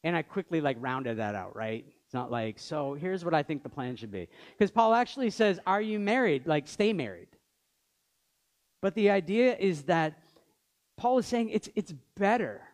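A man's voice: a little high, sing-song, moderate pace. A man in his thirties preaching a sermon in a conversational way, with joking asides. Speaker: pastor.

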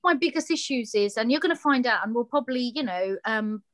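High-voiced, impassioned woman. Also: lively intonation, brisk, a bit bright. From London. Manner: impassioned, emphatic, acts out dialogue in quotes. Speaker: fashion brand founder, guest. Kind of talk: passionate interview talk.

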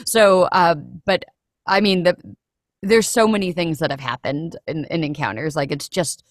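A young woman talks casually about her work as a standardized patient, acting out her own reactions. Her voice sits a little low. The recording is dry and close, with no room sound. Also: normal speed, no echo. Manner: animated storyteller, acts out her own reactions. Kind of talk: casual conversation.

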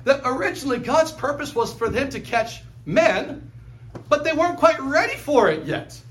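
Pastor, male, high voice; conversational sermon with quick asides. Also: very animated, slight background noise.

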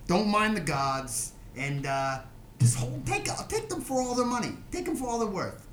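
A man's voice: high-pitched, very animated, normal speed, a bit bright, echoey room. A man playing a reckless middle-aged criminal dad who goads his son. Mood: goading.

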